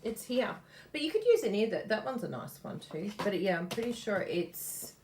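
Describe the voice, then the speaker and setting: A woman hosting a casual card-making demo, chatty and quick to laugh as she works. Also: medium pitch, big pitch swings, darkish tone, slight background noise. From Australia. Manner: chatty, laughs often, explains while working. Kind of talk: casual live craft demo.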